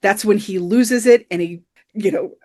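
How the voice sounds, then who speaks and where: A podcast co-host chats casually about a film, walking through it scene by scene and sprinkling in plenty of "you know." Her voice is medium-pitched with a darkish tone, and she speaks at a moderate pace.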